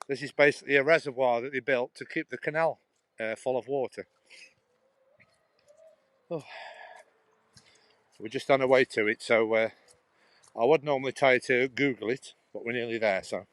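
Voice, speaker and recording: A middle-aged man from England with a Potteries accent from Stoke-on-Trent that drops H's vlogs live as he walks a canal path outdoors, phone in hand, rambling chattily and laughing as he restarts phrases. His mid-range voice is steady and fairly bright at normal speed, pausing often. No echo, though the audio is poor.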